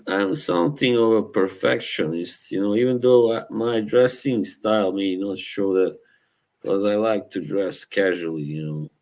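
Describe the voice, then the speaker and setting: A man with a low, slightly mellow voice hosts a live stream, chatting casually and reacting to viewers' messages. He rambles, searches for words, and often laughs at his own stories.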